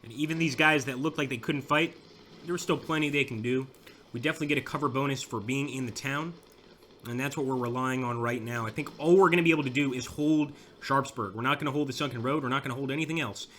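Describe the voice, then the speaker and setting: Excitable Southern man narrating a game battle. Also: mid-range voice, fast, a little hiss or hum. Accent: American Southern. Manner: excitable, shouts at units during the battle. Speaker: gameplay commentator. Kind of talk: let's play commentary.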